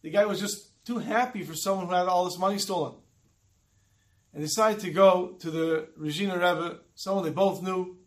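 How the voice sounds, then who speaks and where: A man telling a religious folk tale in an animated, dramatic way. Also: sits high, normal speed. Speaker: storyteller.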